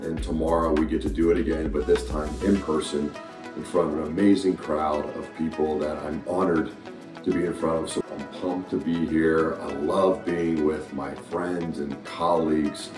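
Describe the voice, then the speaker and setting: A man's voice: very deep voice, level tone, moderate pace, roomy sound, music in the background. A man vlogging upbeat to camera as a podcast host, enthusiastic about the day ahead. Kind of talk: vlog talking to camera.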